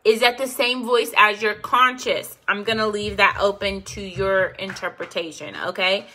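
A woman teaching a meditation class, talking slowly and checking in with listeners by asking "okay?" again and again. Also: mid-range voice, fairly even intonation, bright, forceful tone. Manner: slow, repeats "okay?" to check in.

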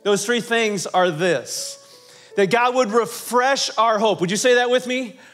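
A male pastor with a high voice preaches to his church. He leads the congregation in call-and-response, asking them to repeat phrases back to him. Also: measured pace, fairly bright tone, soft background music. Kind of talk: sermon.

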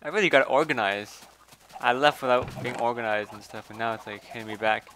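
A man's voice: mid-range voice, steady tone, a little fast, pushed and bright, a little hiss or hum. A man giving casual gameplay commentary, chatty, swearing, and talking to the animals in the game. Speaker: gameplay video host.

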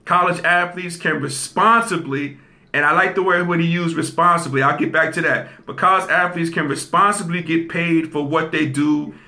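A male host talks through the news in a loose commentary style, often pausing to ask his listeners "okay?" His voice sits a bit high and has a bright, forceful edge, and he repeats key phrases to drive his points home. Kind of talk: casual commentary.

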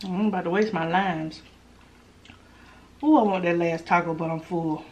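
Her voice lowish and a little mellow, a woman runs a mukbang eating show, speaking at a moderate pace with fairly even intonation. She chats and giggles with her viewers between mouthfuls, laughing frequently.

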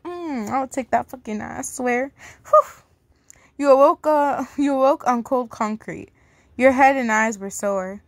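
A woman reading a fan fiction aloud to her audience, casual and outspoken, reacting loudly and swearing. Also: on the high side, no room sound. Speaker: story reader.

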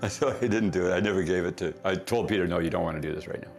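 Deep gravelly man telling a rambling story. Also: rapid-fire, faint music behind. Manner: rambling, self-correcting anecdote with laughs. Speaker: company founder as guest. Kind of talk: casual interview storytelling.

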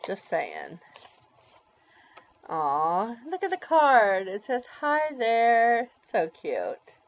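A woman's voice: on the high side, sing-song, takes it slowly. A woman in her forties in a bubbly, gushing way, unboxing a package for a casual vlog. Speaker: vlogger. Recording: dull lo-fi home recording.

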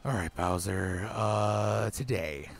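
A man's voice: lowish voice, takes it slowly, creaky, faint music behind. A man who is a gaming dad, giving profane, grumbling let's play commentary on a video game. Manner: swears a lot, grumbles at the game. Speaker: gamer dad.

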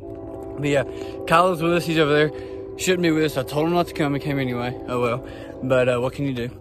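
A man's voice: fairly high pitch, fairly even intonation, fairly quick, over music. A man, out of breath, chatting casually to viewers while vlogging outdoors by a creek. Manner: chatty, talks to viewers while riding and hiking.

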